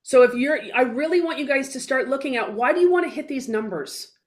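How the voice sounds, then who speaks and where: Forties woman on an interview, high bright voice, blunt, emphatic, acts out little convos. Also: expressive, a little fast. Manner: blunt and emphatic, with mild swearing; acts out little dialogues in her stories. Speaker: guest speaker, business coach. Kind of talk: casual interview talk.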